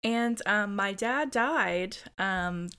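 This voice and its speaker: A woman's voice: mid-range voice, extremely slow, bright, forceful tone, smooth. Chatty American woman, wry storyteller. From United States. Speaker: podcast co-host. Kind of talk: casual chat.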